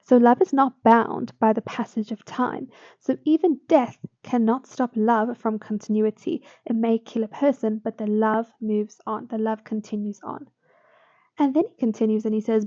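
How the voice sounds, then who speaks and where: A woman's voice: fairly high pitch, fairly even intonation, moderate pace, mellow. A woman tutor explaining a poem in a lesson, talking it through with fillers and small self-corrections. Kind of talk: poetry analysis lesson. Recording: dull lo-fi sound.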